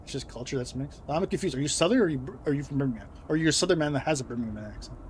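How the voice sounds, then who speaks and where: A young man giving rambling casual commentary over a game, full of fillers and quick laughs. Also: on the high side, animated, a little hiss or hum. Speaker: gaming video creator.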